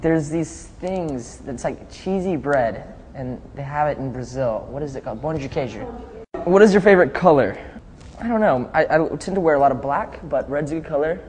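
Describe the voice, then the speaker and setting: A man's voice: on the high side, animated, moderate pace, a little mellow. Laid-back young man in a reverberant space. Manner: easygoing, chatty, laughs often, reads out fan questions. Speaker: pop singer answering fan questions. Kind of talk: casual live video chat. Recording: faint noise, long reverb.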